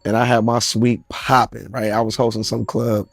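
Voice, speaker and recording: A man's voice: mid-range voice, level tone, normal speed, vocal fry, faint music behind. A man telling a casual anecdote in a laid-back way, laughing now and then.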